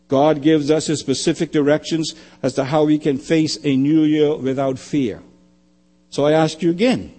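Older man preaching with fervor. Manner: emphatic preaching, swelling louder and higher on key phrases. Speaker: pastor. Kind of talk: sermon.

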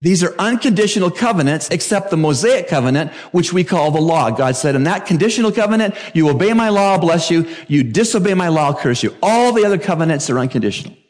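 A middle-aged male pastor preaching a sermon emphatically, jumping to sudden high exclamations. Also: lively intonation, fast, few pauses.

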